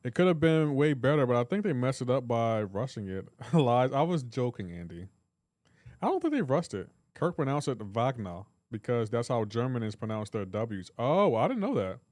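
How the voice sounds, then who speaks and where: A man's voice: mid-range voice, sing-song, moderate pace, a little mellow, no room sound. Male streamer, casual and joking, reading chat aloud on a live stream, dry close sound, mid-range voice.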